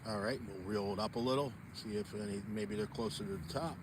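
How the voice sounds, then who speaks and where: A man's voice: lowish voice, fairly quick, background noise. A man, chatting rambly to viewers while ice fishing outdoors on a frozen pond. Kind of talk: casual outdoor vlog chat.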